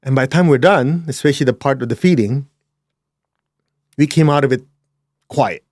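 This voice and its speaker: A man's voice: medium pitch, a little fast, dry recording. Man telling a heartfelt story, dry close sound. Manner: animated, swings between hushed and emphatic; plain-spoken, with blunt asides. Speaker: speaker sharing a personal story. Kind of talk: reflective personal storytelling.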